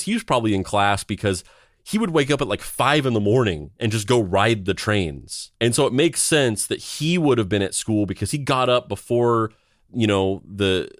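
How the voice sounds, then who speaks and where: A man's voice: fairly low pitch, dry recording, clean studio sound. A man in his thirties, a podcast co-host, telling a story in a rambling, conversational way with a sardonic, blunt edge. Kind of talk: casual chat.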